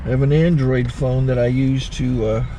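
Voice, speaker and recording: A man's voice: mid-range voice, fairly even intonation, moderate pace, dark tone, slight background noise. A man hosting his channel, chatting casually and explaining step by step from inside his truck cab. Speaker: channel host. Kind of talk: casual vlog.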